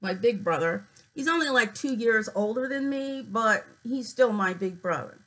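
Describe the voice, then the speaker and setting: A woman with a somewhat high voice reads percentages aloud in a casual home vlog. She pauses often with fillers and restarts. Her voice cuts in and out as she goes. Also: lively intonation, fairly bright tone, rough recording. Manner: reads figures aloud haltingly with many fillers. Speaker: vlogger. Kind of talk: casual screen-reading commentary.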